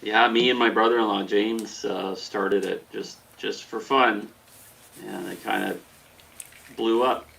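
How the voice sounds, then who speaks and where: A man's voice: lowish voice, fairly even intonation, a little slow, gravelly, fairly bright tone, far from the mic, poor audio. A man guesting on a live show, the creator of an online music group, talking in an easygoing, understated way. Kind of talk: casual interview chat.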